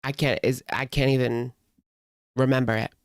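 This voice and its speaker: A man's voice: mid-range voice, little pitch movement, normal speed, dry recording, studio quality. A man in his thirties telling a rambling, amused story in a casual chat with a live audience, with lots of fillers. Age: 30s. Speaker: host.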